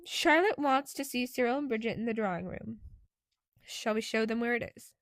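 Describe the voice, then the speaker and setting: A woman reading the lines of a calm, friendly young man, speaking politely and evenly. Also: fairly high pitch, moderate pace, dry recording, studio quality, natural voice.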